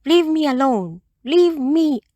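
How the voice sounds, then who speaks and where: A woman squeaking as a cross little storybook bird. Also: animated, slow pace, mellow, no room sound. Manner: high, scolding, chirping.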